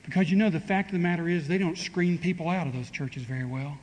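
A man with a fairly high, somewhat dark voice preaches a sermon in a conversational style, speaking fast with few pauses. He poses rhetorical questions to his congregation and acts out quoted speech with dry humor. The recording has a long hall reverb and faint ambient noise.

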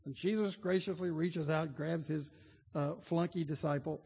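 A man's voice: a little high, fairly even intonation, moderate pace, gravelly, darkish tone, slightly rough. A man preaching a sermon, telling stories earnestly and building to emphatic points. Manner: earnest storytelling, rising to emphatic. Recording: long hall reverb.

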